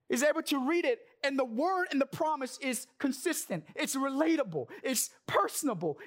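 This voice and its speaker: A man's voice: very high voice, a bit bright. Young korean american guy preaching, earnest but jokey, telling stories from his life. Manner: earnest, casual storytelling with jokes. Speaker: church speaker. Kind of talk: sermon with personal story.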